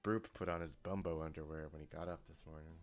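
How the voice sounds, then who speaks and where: A game master narrating a tabletop role-playing game, halting and full of fillers. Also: very deep voice, steady tone, faint music behind.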